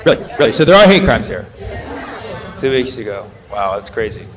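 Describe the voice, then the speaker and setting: A stand-up comedian in his thirties from the United States does loose crowd work, riffing and firing quick questions at the audience from the stage. His medium-pitched voice is very animated.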